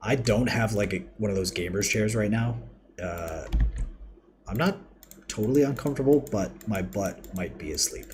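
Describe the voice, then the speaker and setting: Deep-voiced man streaming, keyboard clatter behind. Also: moderate pace, noisy background. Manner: chatty, rambling, reads chat aloud and thanks viewers. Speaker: livestream host. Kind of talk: casual live game-building commentary. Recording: audible keyboard typing and clicks.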